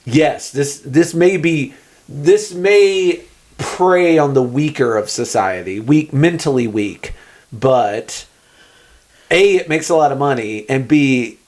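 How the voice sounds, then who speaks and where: Higher-voiced man chatting about a film. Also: lively intonation, darkish tone. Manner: chatty, quick to agree, acts out characters' lines. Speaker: podcast co-host. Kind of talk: casual film discussion.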